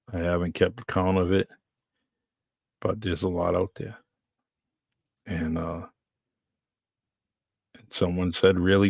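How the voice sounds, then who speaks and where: A man with a New England accent talks casually as a podcast host, rambling and circling back over his words. His voice sits low and flat, with a gravelly, husky edge. It is recorded dry and close. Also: no echo. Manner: rambling, chatty, repeats himself. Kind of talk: casual solo podcast talk.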